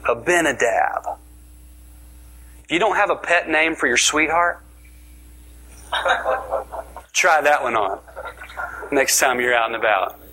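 A man's voice: medium pitch, animated, a little slow, long pauses, sharp tone, slight background noise. A man preaching a sermon, telling the story with jokes and dropping into whispers for emphasis. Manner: playful, joking storytelling, with sudden whispers.

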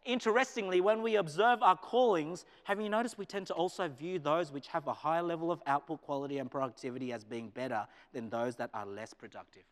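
Australian male preacher, slightly high voice, animated sermon delivery, reverberant chapel hall. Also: a little fast, hardly any pauses. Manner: animated, swings from loud emphasis to low, quiet asides. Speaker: pastor and business teacher.

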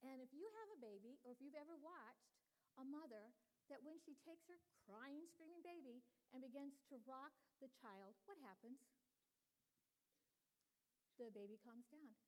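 A woman's voice: high voice, expressive, moderate pace, darkish tone, rough recording. Earnest older woman preaching. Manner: earnest, personal teaching tone. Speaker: women's ministry speaker. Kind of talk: sermon.

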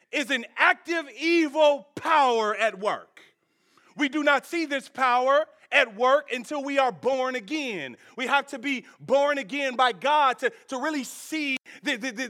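A man preaching a sermon in a very high, bright voice. He keeps an unhurried pace and talks with the congregation in a lively back-and-forth way. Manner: animated, conversational preaching with call-and-response. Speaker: pastor.

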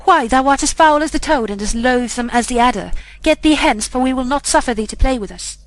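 A woman's voice: sits high, expressive, a little fast, rough recording. A woman reading the lines of a group of mocking children, in a jeering manner.

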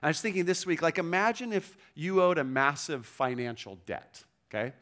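Pastor, male, a touch high-pitched, conversational sermon delivery with frequent check-ins. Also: moderate pace, a bit bright. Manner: conversational preaching, frequent "okay?" check-ins, quoting scripture with emphasis.

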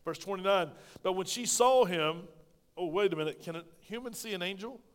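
A man preaching a sermon as pastor in a church, throwing in call-and-response asides and swinging between loud bursts and quiet remarks. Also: high voice, brisk, smooth. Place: church sanctuary. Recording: long reverb of a large hall.

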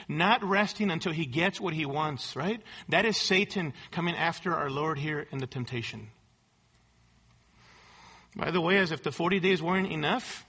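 A man's voice: sits high, pushed and bright. A male pastor preaching a sermon, emphatic and rhetorical, repeating key words and asking the room for agreement.

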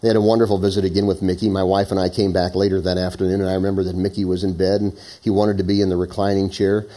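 A middle-aged man preaches, moving between stories and scripture. He drops to a hushed, low voice, then climbs high and loud to press a point home. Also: little pitch movement, rapid-fire. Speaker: pastor. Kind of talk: sermon.

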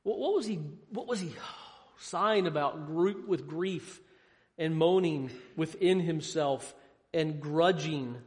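Male preacher, high register, dramatic questions and hushed drops, in a room with a long echo. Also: slow pace. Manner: asks rhetorical questions, swings between loud emphasis and hushed lows. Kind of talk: sermon. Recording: long hall reverb.

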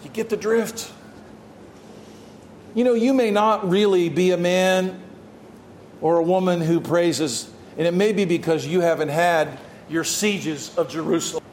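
A male pastor preaching an impassioned sermon, shouting at peaks and dropping to quiet asides. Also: high-pitched, a little slow, echoey room, a little hiss or hum.

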